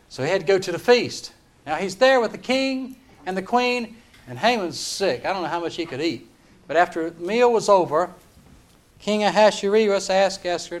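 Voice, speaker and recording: A man preaching a sermon, retelling a story in an animated, dramatic way. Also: high-pitched, moderate pace.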